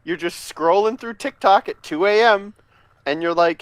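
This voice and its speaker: A man co-hosting a podcast, telling an animated story and giggling through it. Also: high-pitched, normal speed, clean tone, no echo. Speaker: podcast co-host. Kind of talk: casual storytelling chat.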